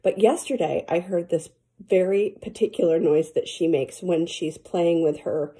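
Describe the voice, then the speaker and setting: A woman teacher chats to her students in a casual morning message and tells a rambling story full of fillers. Her voice sits low and sounds mellow. It has a slightly husky edge. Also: normal speed.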